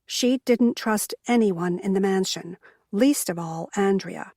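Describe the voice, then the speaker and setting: A woman narrates a small-town mystery in a measured, even storytelling voice. Her pace is slow, and the recording is dry and close. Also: medium pitch, no room sound. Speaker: audiobook narrator. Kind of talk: scripted narration.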